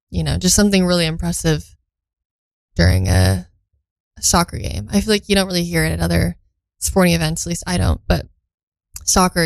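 A woman's voice: on the low side, vocal fry, dry recording, low-quality recording. Chatty radio DJ woman, dry sound. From Belgium. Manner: chatty, thinks aloud, reads info for the first time. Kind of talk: casual radio chat between songs.

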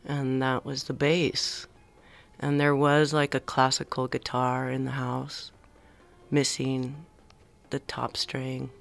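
Woman with a Valley girl accent, middle-aged, gravelly, unhurried, trailing off into soft asides. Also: rumbling low, little pitch movement, soft background music. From the San Fernando Valley, California. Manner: slow, drifting, hesitant with many ums and soft trailing asides. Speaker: musician guest. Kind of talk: casual radio interview.

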